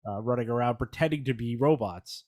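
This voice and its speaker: A man's voice: medium pitch, brisk, a little mellow, no echo, studio quality. Rambling, wry podcast co-host, a man. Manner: rambling and wry, full of fillers and restarts. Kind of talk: casual podcast discussion.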